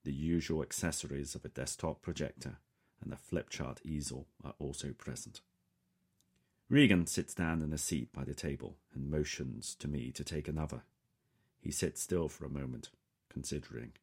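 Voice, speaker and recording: A man reading a first-person story in a calm, measured way. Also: very deep voice, husky. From England. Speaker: audiobook narrator. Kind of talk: scripted first-person narration.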